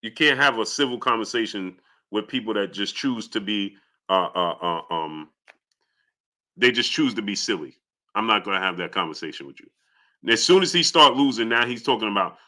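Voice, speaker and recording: A young man hosts a live boxing stream in a very bright, cutting voice. He argues hotly with viewers, and his pitch jumps up when he gets indignant. He talks fast and keeps pushing his point. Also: expressive. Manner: heated, argumentative, rising pitch when indignant. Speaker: boxing channel host.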